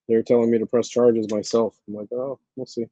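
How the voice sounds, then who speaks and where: A man chatting casually as a guest on a call, quick and trailing off at times. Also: medium pitch, level tone, warm tone, no room sound, lo-fi sound. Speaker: guest caller. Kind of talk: casual chat.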